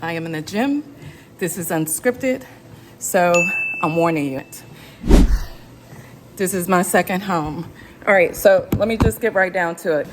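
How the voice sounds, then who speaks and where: Her voice runs low, with a measured pace and long pauses, over a noisy background. She's a YouTube host in her fifties, slightly out of breath on a gym treadmill, giving an unscripted motivational vlog full of emphatic encouragement.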